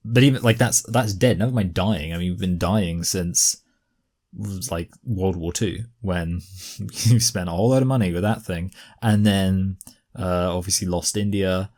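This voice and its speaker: Guy reacting to videos, lowish voice, lots of likes and ums, rambly and annoyed. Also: unhurried, a little mellow. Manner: rambling, filler-heavy, exasperated. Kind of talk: casual reaction commentary.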